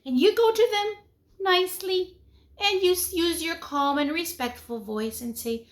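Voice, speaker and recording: A female preschool teacher speaks at normal speed during an online lesson for young children. Her delivery is animated and sing-song, varying in pitch and loudness, and she asks them question after question.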